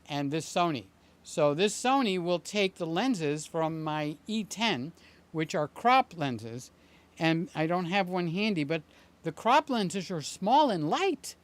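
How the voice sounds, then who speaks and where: A man's voice: sits high, lively intonation, takes it slowly, fairly bright tone. Rambling, jokey older man on a live stream. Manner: rambling and jokey, with many fillers and asides. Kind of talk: casual live-stream chat.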